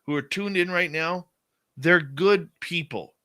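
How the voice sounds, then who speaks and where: Emphatic male radio host, bright tone. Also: fairly high pitch, unhurried. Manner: emphatic, passionate, repeats "okay?". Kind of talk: late-night radio show sign-off and chat.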